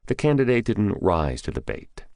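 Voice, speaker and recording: A man reading a thriller audiobook in a measured, descriptive narration. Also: on the low side, sing-song, gravelly, darkish tone, no echo, studio quality. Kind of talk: scripted narration.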